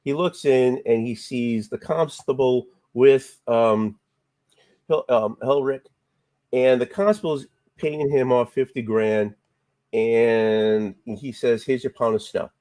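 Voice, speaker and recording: A man in his usual middle register walks through a comic's plot in a loose, rambling way. He jumps into the characters' lines with sudden rises in pitch. The sound is dry and close. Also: slow, warm tone, no room sound. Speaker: comic book reviewer. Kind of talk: casual retelling of a comic story.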